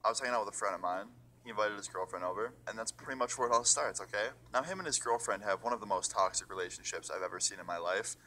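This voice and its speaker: A man's voice: lowish voice, quick pace, hardly any pauses, pushed and bright, slight background noise. A young man telling a storytime vlog in a chatty, swearing way, acting out what people said. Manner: chatty, swearing, acts out quotes. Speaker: storytime YouTuber.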